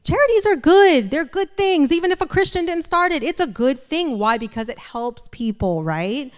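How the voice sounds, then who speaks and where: A woman's voice: sits high, expressive, normal speed. Emphatic woman preaching in a reverberant hall. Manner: emphatic, keeps checking in with the room by asking "right?" and "okay?". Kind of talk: sermon. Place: church sanctuary before a congregation.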